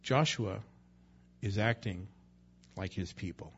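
Man, pastor, conversational sermon, husky voice, dull lo-fi recording. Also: on the low side, takes it slowly. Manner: conversational, acts out voices in quotes.

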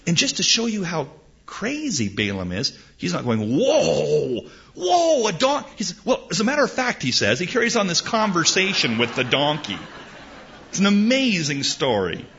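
A man preaching in an animated sermon-storytelling style, often repeating words as he restarts. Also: fairly high pitch, normal speed. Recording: dull lo-fi recording.

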